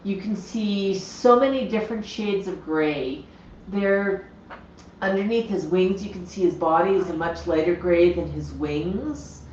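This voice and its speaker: A woman's voice: fairly low pitch, measured pace, darkish tone, a little hiss or hum. A woman hosting a casual livestream, chatting about her pet parrots and explaining their habits while she talks to the birds. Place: home room with parrots. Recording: echoey, slightly dull lo-fi sound.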